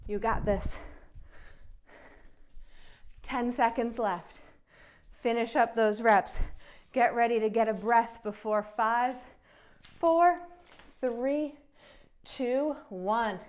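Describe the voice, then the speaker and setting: A woman's voice: a little high, extremely slow, pauses often, darkish tone. A young woman, out of breath, coaching a follow-along kettlebell workout and counting down reps with encouragement. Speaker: fitness instructor.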